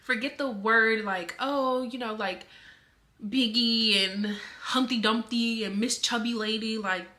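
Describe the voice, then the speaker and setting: A woman's voice: a little high, steady tone, unhurried, pushed and bright. A young woman vlogger talking casually to camera, defending herself in a rambling way with lots of filler words.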